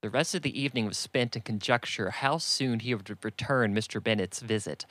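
A man reading a classic novel aloud in a measured, even manner. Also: fairly low pitch, dry recording. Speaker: audiobook reader.

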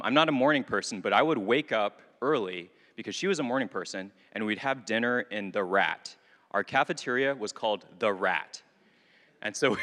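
A young man giving a talk at a retreat, telling a story with self-mocking humor and lively energy. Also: mid-range voice. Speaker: retreat speaker. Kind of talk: casual talk to a group. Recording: long reverb of a hall.

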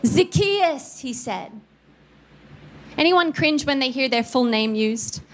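A woman's voice: fairly high pitch, slow, a little hiss or hum. A woman in her thirties of Filipino background preaching a sermon as a pastor, telling stories and playfully acting out voices. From Philippines. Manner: animated, acts out voices playfully. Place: church studio.

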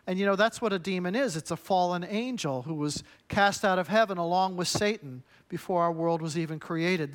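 Male pastor, higher voice, punchy emphatic sermon delivery. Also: a bit bright. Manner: emphatic, punchy preaching with short repeated phrases.

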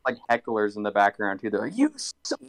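A man co-hosting a casual podcast, quick with crude one-liners. His voice is fairly low. The sound is dry and close. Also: steady tone, fairly bright tone, dry recording. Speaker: podcast co-host.

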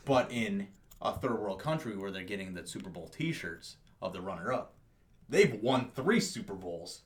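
A man's voice: on the low side, moderate pace. A young man on a podcast, bantering casually with friends, ranting jokingly and swearing freely. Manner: lively, swearing, joking rants. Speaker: podcast co-host.

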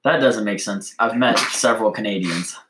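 Mid-pitched man, dry teasing tone, quick comic asides in a casual chat. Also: noisy background. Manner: wry, teasing, quick to joke. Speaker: co-host.

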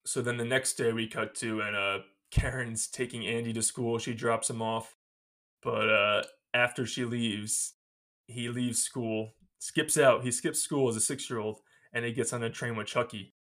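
A man's voice: medium pitch, fairly even intonation, normal speed, a bit bright. A man co-hosting a podcast, casually retelling a film's plot and laughing often as he goes. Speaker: podcast co-host. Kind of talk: casual film recap chat.

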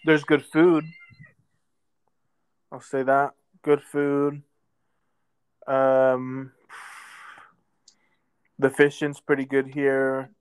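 A man co-hosting a casual podcast, laid-back and drawn-out, with many ums. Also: mid-range voice, completely flat delivery, smooth. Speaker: podcast co-host. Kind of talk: casual chat. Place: lives in a southern US metro area.

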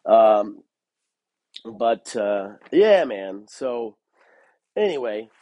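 A man's voice: lowish voice, big pitch swings, extremely slow, dark tone, dry recording. A man hosting his own podcast, rambling and swearing in a casual solo rant full of "man" and "dude", with a cough now and then. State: has a cough. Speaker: podcast host.

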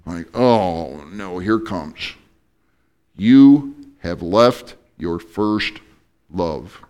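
Animated joking male pastor preaching. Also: fairly low pitch, takes it slowly, clear, resonant tone. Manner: animated storyteller, joking asides. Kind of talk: sermon.

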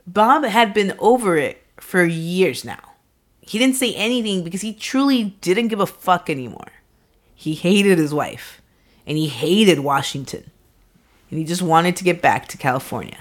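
A woman hosts a true-crime podcast, telling the story in loose, profane chat. Her voice sits a little low but moves a lot, rising and falling with animation. She laughs often between facts. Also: lively intonation, moderate pace. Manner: laughs often, swears casually, reads case notes. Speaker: podcast host, narrator of the case.

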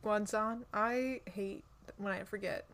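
A woman's voice: mid-range voice, fairly even intonation, takes it slowly, a bit bright. A woman co-hosting a podcast in casual book chat, gushing and chatty, often restarting her sentences. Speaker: podcast co-host.

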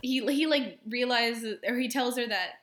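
A woman co-hosting a casual book-discussion podcast, reacting quickly and giggling, with lots of fillers. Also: fairly high pitch, fairly bright tone. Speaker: podcast co-host. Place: remote call with co-host.

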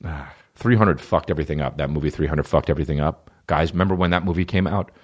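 A man's voice: very deep voice, fast talker, breathy edge. A young man hosting a podcast, riffing profanely in casual comedic chat and jumping into silly voices. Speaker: podcast host.

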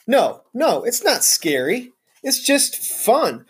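A man's voice: very high voice, big pitch swings, slow, slight background noise, pitched above the performer's own voice, heavily acted. Storybook read-aloud: a man doing a friendly, teasing male custodian, lightly raised and chatty. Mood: cheerful. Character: cheerful joking male school custodian.

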